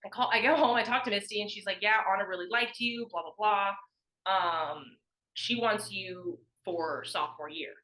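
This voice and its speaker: As a podcast guest in a casual storytelling chat, this ex-college athlete in young adulthood uses a mid-range voice, pushed and bright, at moderate pace. The recording is low quality; she talks freely, relies on "like," and plays out quoted voices.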